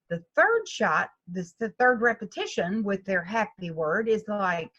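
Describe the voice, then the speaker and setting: Animated woman golf instructor. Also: mid-range voice, a little slow, few pauses, slightly rough, highs cut off. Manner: animated storytelling, acts out students' voices. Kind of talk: interview conversation.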